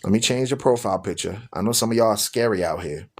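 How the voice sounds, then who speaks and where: A man's voice: lowish voice, fast. A man hosting a live-streamed religious talk show, speaking to his listeners in a preachy, repetitive way. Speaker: radio show host.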